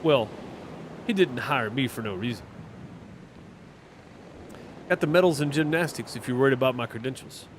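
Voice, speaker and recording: A man's voice: mid-range voice, expressive, moderate pace, pauses often, slight background noise, close to an everyday voice. A man voicing a confident young woman acrobat scout in a video game, speaking in a breezy, self-assured way.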